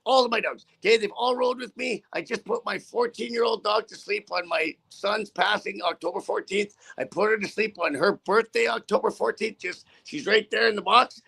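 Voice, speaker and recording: Blunt profane trucker, high gravelly voice. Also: male voice, moderate pace, hardly any pauses, sharp tone. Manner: blunt, profane, rambling with restarts. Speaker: truck driver. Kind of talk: casual on-camera chat.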